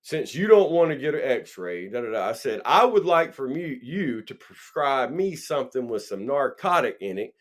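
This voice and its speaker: A man's voice: mid-range voice, normal speed, few pauses. A man co-hosting a casual podcast, telling stories with profanity and acting out the dialogue. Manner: animated, profane, acts out dialogue. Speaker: podcast co-host. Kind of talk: casual storytelling chat.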